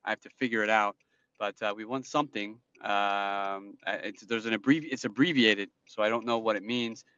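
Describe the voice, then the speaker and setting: A man's voice: fairly low pitch, fairly quick, sharp tone, clean tone, no room sound. A man with a New Jersey accent chatting casually on a live stream while he drives, rambling as he answers viewer comments. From New Jersey, USA. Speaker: livestream host. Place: inside a car while driving. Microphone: phone in a dashboard stand. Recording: dull lo-fi phone audio in a dry car.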